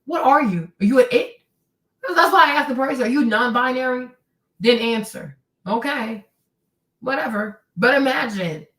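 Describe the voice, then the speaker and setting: A woman's voice: high voice, expressive, moderate pace, fairly bright tone, echoey room, distant mic. A woman hosting her own stream, ranting in casual commentary, sarcastic and profane, often mimicking people she talks about. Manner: heated, sarcastic, profane, mimics others in quotes. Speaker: streamer host.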